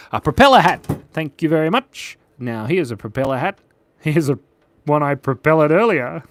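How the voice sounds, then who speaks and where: An Australian man hosting a drawing stream, chatting and cracking silly puns as he draws. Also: on the high side. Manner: jokey, punning. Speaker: drawing channel host. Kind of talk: live-stream chat while drawing.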